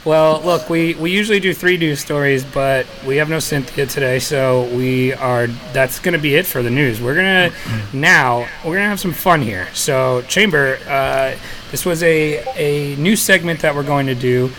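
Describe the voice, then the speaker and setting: A man's voice: fairly high pitch, normal speed, a bit bright. A man hosting a casual podcast, easygoing and chuckling between remarks. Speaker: podcast host.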